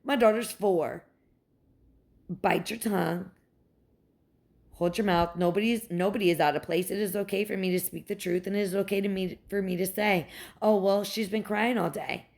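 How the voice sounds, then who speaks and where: A woman's voice: mid-range voice, steady tone, moderate pace, gravelly, pauses often, a little mellow. Heated, profane young woman ranting. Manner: heated, profane, sarcastic, mocks others in quoted voices. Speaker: mother venting about her ex's family. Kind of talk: heated personal rant.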